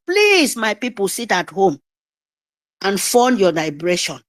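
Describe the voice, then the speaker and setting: A woman's voice: mid-range voice, very animated. A woman giving an impassioned, repetitive speech to listeners on a group audio call. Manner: exhorting, repetitive, slow emphatic pleading. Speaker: guest speaker.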